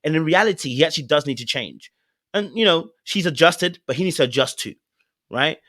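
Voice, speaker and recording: Host, male, fairly high voice, dry close sound, earnest and animated breakdown of a clip. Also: brisk, dry recording. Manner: earnest and animated, direct address to the viewer. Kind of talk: relationship commentary on a video clip.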